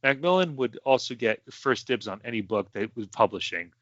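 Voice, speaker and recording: A man's voice: medium pitch, animated, moderate pace, no room sound. A young man, a podcast host, telling history in a rambling casual way with many fillers and asides. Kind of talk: casual storytelling chat. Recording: dry, muffled home podcast mic.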